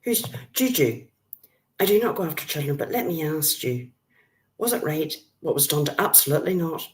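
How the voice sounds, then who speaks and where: A woman's voice: low voice, sing-song, normal speed, darkish tone. An older Irish woman hosting a live stream, chatting bluntly with her viewers and greeting them by name. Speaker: livestream host. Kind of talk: casual live-stream chat.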